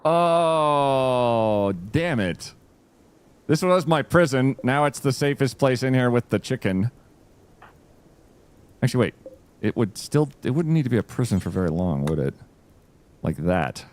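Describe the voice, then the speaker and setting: A man's voice: mid-range voice, expressive, unhurried, long pauses, clean tone. A man streaming a game live, chatting along as he plays, greeting viewers and talking to his cat. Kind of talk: live-streamed gameplay commentary.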